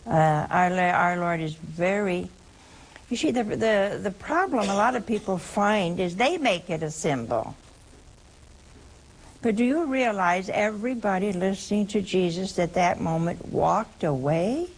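A woman's voice: medium pitch, animated, unhurried, poor audio. A woman hosting a call-in show who answers a caller with emphatic religious teaching, repeating key points and quoting scripture at length.

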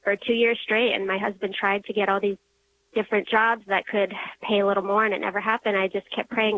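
A young woman calling in to share an emotional personal testimony, earnest and halting, restarting when moved. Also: mid-range voice, level tone, slight background noise. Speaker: caller. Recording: muffled phone line.

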